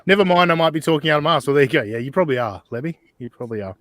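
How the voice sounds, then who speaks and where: A man's voice: a little high, animated, rapid-fire, a bit bright, no room sound. Dry-voiced casual male podcast host. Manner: loose, profane, laughing banter.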